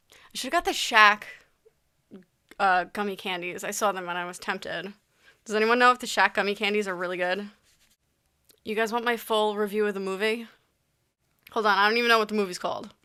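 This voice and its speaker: A woman's voice: medium pitch, pushed and bright, smooth. A young woman vlogging in a casual, rambling chat, often restarting her sentences. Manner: chatty, rambling, with frequent restarts and asides.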